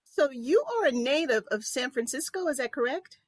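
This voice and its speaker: A woman's voice: sits high, animated, moderate pace, no echo. A woman hosting an interview talk show, chatting casually and asking about her guest's life.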